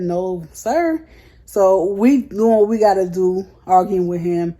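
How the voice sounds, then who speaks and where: A woman's voice: medium pitch, takes it slowly, warm tone. A young adult woman telling a story to her viewers in a casual, frank way, full of slang. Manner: chatty, frank, heated retelling with slang. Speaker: vlogger.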